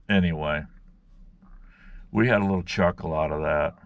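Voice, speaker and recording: A man's voice: deep voice, slow, pauses often. A man vlogging from his fishing spot on a bank outdoors, telling a rambling folksy story and calling his viewers "guys". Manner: folksy, rambling, keeps saying "guys" and "right".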